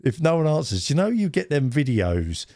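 A man's voice: fairly high pitch, very animated, normal speed, darkish tone, no echo, studio quality. A man co-hosting a casual podcast chat, telling rambling stories and laughing often. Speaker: podcast co-host.

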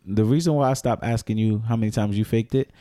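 A man's voice: lowish voice, quick pace, dark tone, dry recording. Joking man telling stories, very dry sound. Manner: joking, storytelling, keeps asking to finish. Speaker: podcast co-host. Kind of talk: casual chat.

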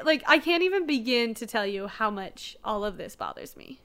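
A young woman co-hosting a casual chat, animated and full of "like" fillers. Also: fairly high pitch, normal speed. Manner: animated, frequent "like", laughs often. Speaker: co-host.

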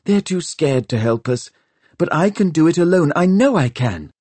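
A man's voice: fairly high pitch, lively intonation, moderate pace, darkish tone, breathy edge, dry recording, voice pushed up. A man voicing a distraught young woman who speaks urgently and earnestly through tears. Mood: determined. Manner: tearful, earnest.

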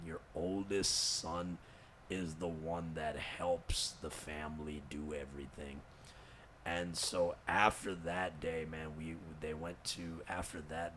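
A man's voice: rumbling low, fairly bright tone, a little hiss or hum. A young man telling a personal story in casual talk, emotional and rambling, swearing often and mixing in Urdu words. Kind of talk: casual conversation.

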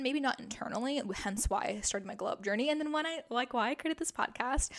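A woman's voice: medium pitch, creaky. A young woman hosting a podcast, talking in a chatty, emphatic way, full of "like" fillers. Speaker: podcast host. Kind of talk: casual podcast monologue.

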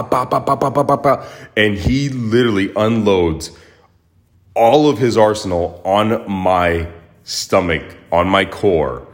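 A man with a low, deep voice tells a personal story on his podcast in a loose, casual monologue. He rambles, restarts and leans on fillers, and he gets animated when he acts out the action. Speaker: podcast host.

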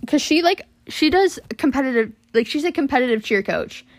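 A young woman with a high, animated voice talks briskly on a podcast. She rambles through a casual story, packing it with "like" and swearing.

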